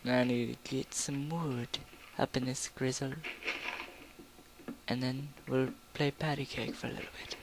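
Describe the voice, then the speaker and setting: A man's voice: mid-range voice, flat delivery, measured pace, background noise. Goofy rambling young man gaming. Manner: rambling, goofy, sudden loud outbursts. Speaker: gameplay commentator. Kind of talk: casual gaming commentary.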